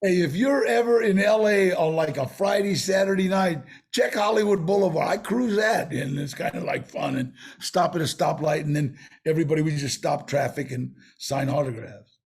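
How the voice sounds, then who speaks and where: A man, a guest on an interview show, telling stories in a rambling, animated way with streetwise slang. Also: on the high side, moderate pace, creaky, husky. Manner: rambling, animated storyteller with many restarts. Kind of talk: casual storytelling in an interview.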